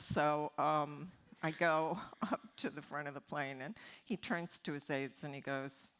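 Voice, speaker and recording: Bright-voiced older woman telling stories. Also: deep voice, measured pace. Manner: animated, laughing storyteller. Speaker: interview guest, columnist. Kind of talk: anecdotal storytelling on stage.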